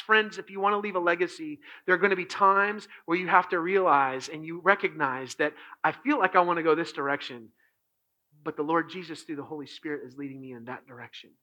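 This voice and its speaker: A man preaching a sermon as pastor, moving between hushed, slowed passages and loud, impassioned ones. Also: sits high, rough recording.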